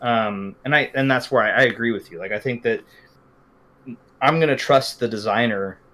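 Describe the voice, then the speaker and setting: A man's voice: medium pitch, moderate pace, sharp tone. A man in casual chat who agrees a lot and jokes about himself. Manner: agreeable, lots of backchannel, self-deprecating. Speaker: podcast co-host.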